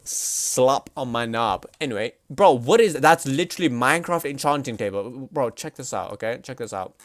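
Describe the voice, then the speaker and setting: A man streaming live at his computer, chatting casually in an excitable, slangy, swear-heavy way. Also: mid-range voice, moderate pace, no echo.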